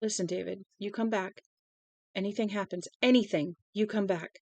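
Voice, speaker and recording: A woman reading the quiet, even lines of a frank, worried woman. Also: mid-range voice, moderate pace, dry recording, natural voice. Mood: quiet, earnest.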